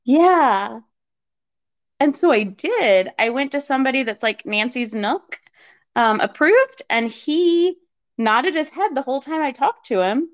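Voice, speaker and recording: A woman's voice: high-pitched, expressive, unhurried. A woman as a guest, telling a personal story in conversation and acting out quoted dialogue with lots of fillers. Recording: slightly dull lo-fi recording.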